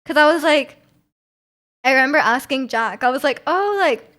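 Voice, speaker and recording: A woman's voice: high voice, normal speed, bright, forceful tone. A woman, from Vancouver, chatting casually with her stream viewers in a rambling, giggly way full of fillers. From Vancouver, Canada.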